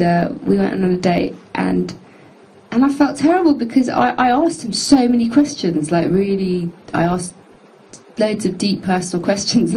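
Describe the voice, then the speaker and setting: Woman in her 30s just rambling on in a studio, warm mellow tone, bit of room hiss. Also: medium pitch, poor audio. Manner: rambling, chatty, self-mocking. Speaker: singer hosting a live stream chat. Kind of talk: casual chat. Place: music studio.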